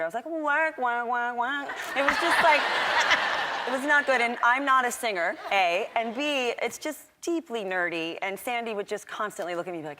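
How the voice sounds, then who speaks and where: A woman's voice: fairly high pitch, noisy background. A woman telling a self-deprecating, laughing anecdote as a talk show guest.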